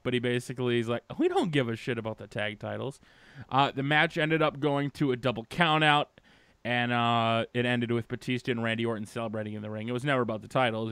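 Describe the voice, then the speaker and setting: A man chats loosely through a wrestling recap on a call-in show, stumbling over fillers and swearing casually. His voice is smooth and clear, recorded dry with no room sound. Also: medium pitch, a bit bright, dry recording. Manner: rambling, swears freely, many fillers.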